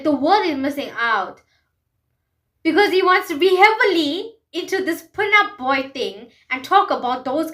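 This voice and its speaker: A high-pitched woman talks at an unhurried pace in a heartfelt music review. She repeats key phrases and keeps asking the listener whether they see her point. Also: a bit bright. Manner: emphatic, repeats phrases, asks rhetorical questions. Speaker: vlogger. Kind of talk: passionate music commentary monologue.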